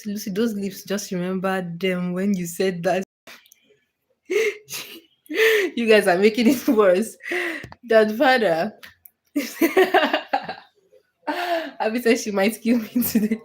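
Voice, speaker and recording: Speaking slowly in a mid-range voice, a woman hosts a laid-back livestream. She answers comments from viewers with frequent laughs and phrases she repeats or starts again.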